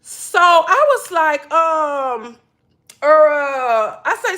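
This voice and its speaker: Very slowly and expressively, a woman with a high, bright, forceful voice tells her viewers personal stories. She's a spiritual wellness creator whose casual, chatty delivery is peppered with laughter and the word "literally."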